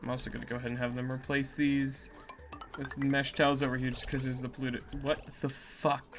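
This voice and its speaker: A game streamer giving live gameplay commentary, swearing and yelling in exasperation at in-game characters. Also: mid-range voice, little pitch movement, fairly quick, over music.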